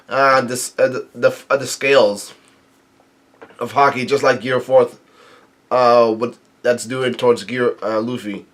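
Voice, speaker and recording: Man, young adult, casual comic recap, slow delivery, halting, frequent self-corrections. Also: mid-range voice, a bit bright. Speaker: manga reader and recapper.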